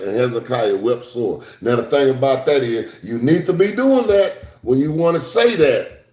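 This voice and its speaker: A middle-aged man teaches scripture to a class in sermon form, shifting between slow, low reading and high, excited outbursts. He tosses casual asides to his listeners. The room is echoey.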